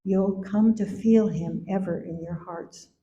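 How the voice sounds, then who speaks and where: An older woman, a mother giving a eulogy at a memorial gathering, speaking slowly and tenderly, now and then singing a line softly. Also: mid-range voice, fairly even intonation. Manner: slow, gentle and tender, sometimes singing softly. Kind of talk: memorial speech. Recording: echoey hall, dull sound.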